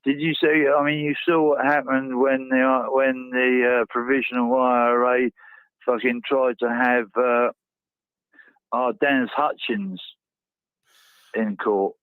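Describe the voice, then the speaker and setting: A man's voice: medium pitch, level tone, unhurried, clean tone, dry recording. Hesitant man on a tinny phone line. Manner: hesitant, stumbling, sweary. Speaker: caller. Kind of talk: casual phone-in chat. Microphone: phone call.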